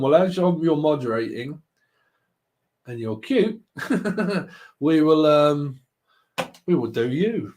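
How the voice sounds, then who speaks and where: A man's voice: a little high, lively intonation, slow pace, pauses often, darkish tone. A man hosting a live tarot stream, chatting casually with viewers, joking and laughing often. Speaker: tarot livestream host.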